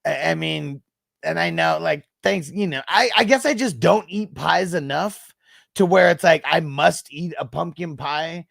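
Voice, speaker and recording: Man in his thirties, gravelly voice, dry close sound, laid-back profane livestream chatter. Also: fairly high pitch, measured pace, fairly bright tone, dry recording. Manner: casual, laughing, profane, chatty. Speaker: fantasy football livestream host. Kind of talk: casual live-stream chat.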